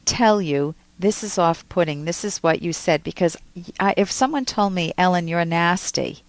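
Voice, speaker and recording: A woman's voice: on the low side, moderate pace, no echo. A woman who hosts a psychology call-in show, coaching a caller with emphatic role-played lines. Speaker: radio call-in host, psychologist.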